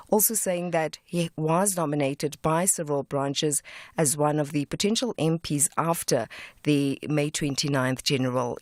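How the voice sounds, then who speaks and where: A man reads out the day's news schedule on air. His pitch sits in the middle and his delivery is even and businesslike. The studio sound is dry and close. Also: dry recording. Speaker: news presenter. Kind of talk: reading a news diary. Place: radio studio.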